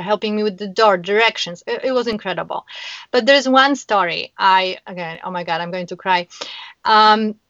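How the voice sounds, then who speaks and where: A woman's voice: medium pitch, fairly bright tone, no echo, highs cut off. A woman guest in a casual interview, talking earnestly and emotionally, often restarting her sentences. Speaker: guest, founder of a kindness platform.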